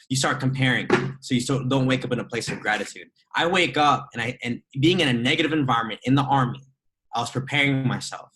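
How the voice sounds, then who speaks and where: A young man giving an energetic, chatty motivational talk to a group on a video call. He often adds "right?" and laughs as he goes. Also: mid-range voice, fast, rough recording. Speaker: trading mentor speaking to a group call.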